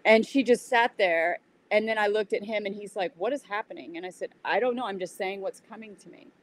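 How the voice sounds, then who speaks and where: A woman guest in an interview, telling a story in a casual, animated way and acting out what people said. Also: medium pitch, fairly quick, rough recording. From United States. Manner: animated retelling with acted-out quotes. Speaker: interview guest, yoga teacher.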